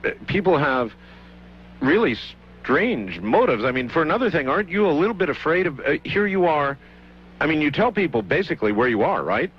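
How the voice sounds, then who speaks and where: A man's voice: fairly high pitch, very animated, fairly quick, husky. A male radio talk show host asking curious, probing questions in an interview. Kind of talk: late-night radio interview. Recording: dull lo-fi radio broadcast.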